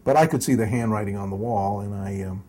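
A man's voice: fairly low pitch, a little fast, warm tone, slight background noise. An older man recounting personal memories as an interview guest, chuckling often and restarting his sentences. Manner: chuckling storyteller with many restarts.

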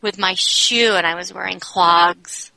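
A woman's voice: lowish voice, steady tone, a little slow, vocal fry, bright, forceful tone, no echo, low-quality recording. A woman speaking as an interview guest, telling a personal story in a candid, reflective way and often saying "you know.".

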